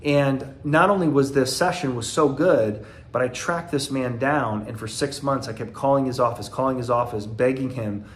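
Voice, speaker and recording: A man in his forties, from the American South, speaks straight to camera in a casual motivational talk. His voice sits at an ordinary middle pitch, and his delivery is earnest, conversational and loosely rambling. A faint low rumble hangs in the background. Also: moderate pace, hardly any pauses. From Southern United States. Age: 40s.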